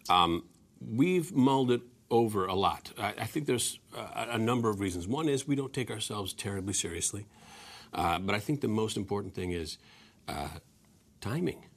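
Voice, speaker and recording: A man's voice: fairly low pitch, animated, normal speed. A man in his forties, an actor guest answering interview questions, self-deprecating and hesitant with many restarts.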